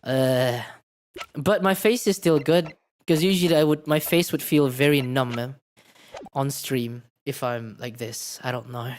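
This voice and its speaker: A woman VTuber streaming a game, feeling unwell and drained, speaking in low-key, mumbling asides broken by nervous laughs. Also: a little slow, a little mellow, slight background noise. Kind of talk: casual game-reading livestream. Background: game music.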